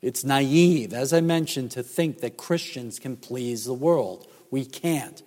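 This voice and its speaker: A man preaching a sermon as pastor, emphatic and measured, with rhetorical questions. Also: mid-range voice, darkish tone. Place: church sanctuary. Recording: church hall reverb.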